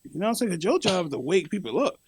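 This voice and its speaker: A man with a high voice that swings widely as he talks, and he sounds blunt, animated and full of swearing. He speaks as a guest in a casual podcast chat. The sound is close and dry, with no room around it. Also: racing, slightly rough, dry recording.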